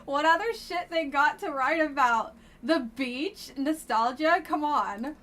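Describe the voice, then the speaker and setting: A woman streamer chatting her way through a dating game live, blunt and wry in her remarks. Her voice is bright and sits a little high, with a loose, offhand delivery. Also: expressive, unhurried. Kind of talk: casual live-stream commentary.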